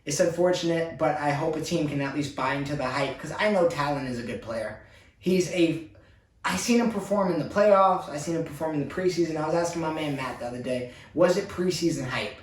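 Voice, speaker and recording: Man, fan rant, exasperated, repetitive venting, slightly high voice, echoey room. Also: a little fast, far from the mic, slight background noise. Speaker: basketball fan commentator.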